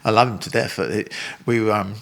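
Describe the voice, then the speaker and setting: A man's voice: on the low side, quick pace, vocal fry, a bit bright. A man in his sixties with an Australian accent, a Muay Thai coach telling blunt, rambling stories as an interview guest. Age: 60s. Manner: rambling, blunt storyteller who swears and laughs. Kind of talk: casual interview storytelling.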